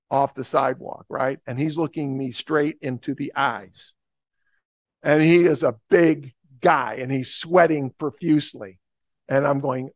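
A man preaches with lively, joking emphasis. His voice sits fairly high, with a gravelly rasp, and it is recorded close and dry. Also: no echo. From New Jersey, USA. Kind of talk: sermon with storytelling.

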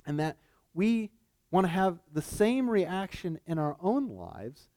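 Taking it slowly, a man preaches a conversational sermon in a high, expressive, darkish voice. He keeps checking in with his listeners, frequently adding "right?"

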